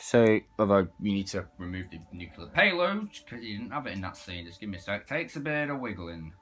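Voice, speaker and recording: A man's voice: fairly low pitch, big pitch swings, brisk, fairly bright tone. A man casually reviewing an action figure, chatting as he demonstrates its parts. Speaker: toy reviewer.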